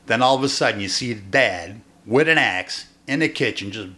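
Male podcast co-host, animated storyteller, profane, acts out his own reactions. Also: fairly low pitch, normal speed. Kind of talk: casual movie review chat.

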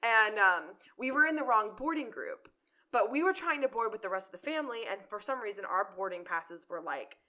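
A woman's voice: medium pitch, lively intonation, fairly quick, bright, forceful tone. A young woman in casual conversation, telling stories full of "like" fillers and acted-out quotes. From Chicago area. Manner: chatty storyteller, many "like" fillers, acts out quotes. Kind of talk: casual chat.

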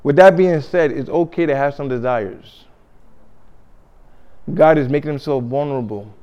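High-voiced man preaching conversationally. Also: moderate pace, muffled recording. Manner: conversational, repeats himself, leads call-and-response. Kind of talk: sermon.

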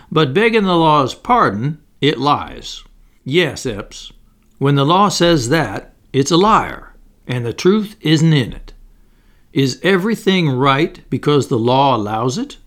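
A man's voice: mid-range voice, sing-song, unhurried, fairly bright tone. A man reading the part of an earnest carpenter who argues grave moral points. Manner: grave, preaching.

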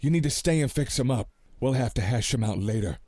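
A man's voice: mid-range voice, lively intonation, a little fast, warm tone, dry recording, studio quality, lightly acted. A man playing a folksy gunslinger. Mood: blunt. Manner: folksy, blunt. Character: gruff male frontier gunslinger, blunt. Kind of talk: radio drama acting.

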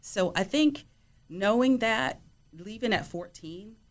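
A woman's voice: mid-range voice, animated, slow. A middle-aged woman telling stories about her son in a casual podcast chat, with lots of "you know" fillers. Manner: warm storytelling, frequent "you know" fillers. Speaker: guest, player's mother.

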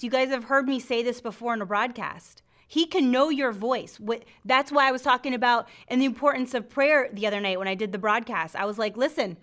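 A middle-aged woman hosting a faith show, teaching from the Bible with lots of laughter and acted-out voices. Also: fairly high pitch. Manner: laughs often, acts out scripture voices. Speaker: faith podcast host.

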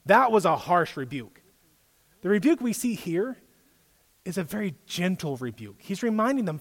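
A man's voice: sits high, very animated, moderate pace, big-room sound. A man giving a casual sermon as a youth pastor, chatty, quizzing his listeners with questions. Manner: conversational, quizzes the audience. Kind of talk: casual preaching.

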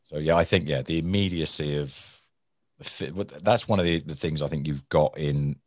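A man with an extremely deep, low voice talks through his experience in a relaxed interview. He repeats himself and restarts sentences, then acts out heated exchanges with lively energy. The sound is dry and close, with no room echo. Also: moderate pace. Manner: animated storytelling, acts out angry people. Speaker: guest, former hostage negotiator. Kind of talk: conversational interview.

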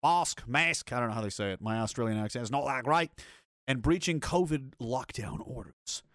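A man's voice: medium pitch, a little fast, dry recording, clean studio sound. A man hosting a video commentary, ranting in an angry, blunt and profane way. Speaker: commentary host.

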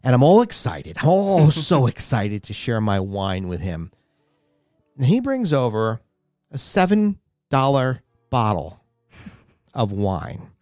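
Animated man telling a story. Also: medium pitch, a little slow, no room sound, clean studio sound, soft background music. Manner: animated, exasperated storytelling with rising indignation. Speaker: guest storyteller. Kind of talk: casual chat.

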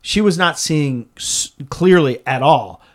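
A man being interviewed, telling a story in a conversational way, earnest and animated, with frequent restarts. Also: on the high side, takes it slowly. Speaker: interview guest.

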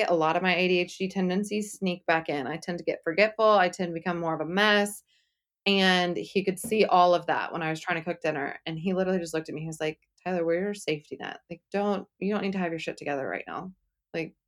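A young woman speaking candidly as an interview guest, chatty and full of "like" fillers, acting out what others said. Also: fairly low pitch. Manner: chatty, frequent "like" fillers, acts out quotes.

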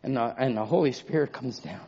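A man telling a personal testimony in a sermon, moving from quiet storytelling to shouted preaching. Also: mid-range voice, brisk, breathy edge. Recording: dull lo-fi recording.

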